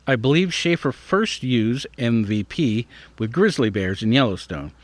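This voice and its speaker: A man's voice: medium pitch, expressive, measured pace, dry recording. A man reading an article aloud and adding his own thoughts, sometimes stumbling over hard words. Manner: reads aloud, then breaks off to muse and stumble over words. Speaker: podcast host.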